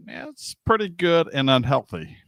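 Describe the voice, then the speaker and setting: A man co-hosting a casual podcast chat, speaking haltingly with many restarts. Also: fairly high pitch, sing-song, creaky, fairly bright tone, no echo, clean studio sound.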